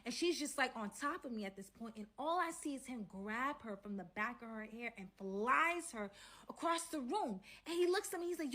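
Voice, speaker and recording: A woman with a high, light voice tells a story in a relaxed, chatty way. She jumps into the voices of the people she describes with lively, slangy banter. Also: fairly quick. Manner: animated, acts out quotes in slangy banter. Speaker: storyteller host. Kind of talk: casual storytime chat.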